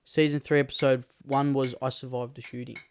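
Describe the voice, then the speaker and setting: A man's voice: medium pitch, level tone, fairly quick, a little hiss or hum. A laid-back man co-hosting a casual podcast, swearing freely and telling jokes. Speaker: podcast co-host.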